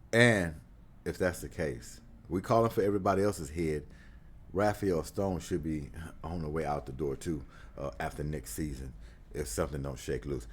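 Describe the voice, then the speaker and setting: A man hosting a casual sports talk show, speaking animatedly, with frequent laughter and loud whoops. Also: low-pitched. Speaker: sports commentary host.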